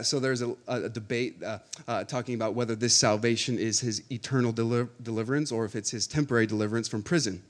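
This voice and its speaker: A pastor preaching a sermon, building from calm explanation to loud, emphatic passages, with repeated words and calls for the congregation to respond. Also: male voice, medium pitch. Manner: rising to emphatic, loud preaching with slow stressed phrases; repeats words and uses audience call-outs.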